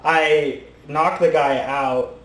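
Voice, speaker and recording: Excitable man telling fight stories. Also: on the high side, very slow. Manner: animated, laughing storyteller who swears a lot. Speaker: podcast guest, former fighter. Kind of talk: casual storytelling chat. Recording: roomy, faint room noise.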